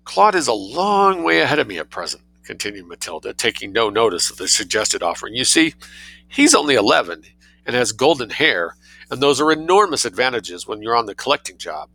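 A man gives voice to a prim, calculating young girl who bargains with cold, polite dignity. The voice is bright and somewhat low, with lively swings in pitch and a gravelly edge, recorded dry and close. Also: a little fast, no room sound, heavily acted, rough recording. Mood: chatty scheming. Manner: cold dignity, coolly mercenary.

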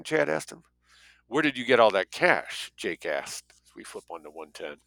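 A man's voice: lowish voice, bright, forceful tone, no room sound, poor audio. A man reading a story aloud as an audiobook narrator, lightly voicing the dialogue.

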